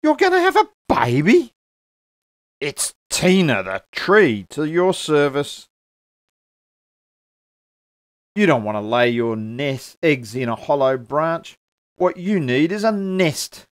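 A man reading a children's story aloud, voicing an eager, helpful female tree in a bright, exclaiming voice. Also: on the high side, animated, takes it slowly, dry recording, studio quality. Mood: excited. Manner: bright, bouncy, exclaiming, puffs when tired.

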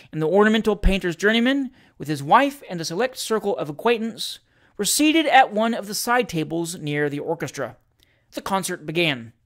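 Theatrical reader of comic classic fiction. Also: medium pitch. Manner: lively, theatrical narration with shouted character lines. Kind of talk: dramatic reading of a comic story.

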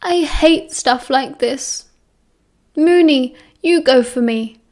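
A woman's voice: high voice, slow pace, a little mellow. Woman reading as a sulky posh British teen boy. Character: moody posh teenage boy, dramatic.

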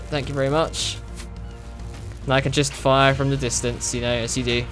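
A young man giving casual, excitable commentary while playing a video game, swearing and laughing often. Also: medium pitch, moderate pace, soft background music. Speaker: gaming video host.

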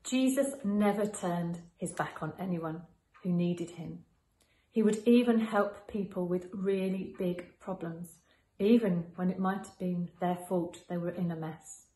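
A woman reading a calm, gentle reflection in a steady, explanatory way. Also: lowish voice, measured pace, reverberant, low-quality recording.

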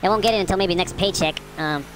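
A woman's voice: lowish voice, quick pace, background noise. A woman hosting her own gaming channel, chatting casually and profanely while she plays. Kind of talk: casual gameplay commentary.

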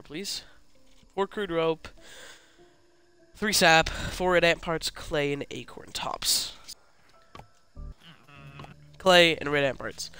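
A man's voice: on the high side, sharp tone, clean tone, poor audio. A young man streaming a survival game, joking with his viewers and talking to the bugs on screen. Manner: jokey, talks to his viewers and to the game creatures. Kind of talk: live gameplay commentary.

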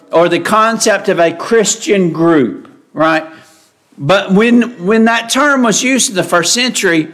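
High-voiced man preaching slowly. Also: a bit bright. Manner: explanatory, repeats and restarts phrases, asks "right?". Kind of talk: sermon.

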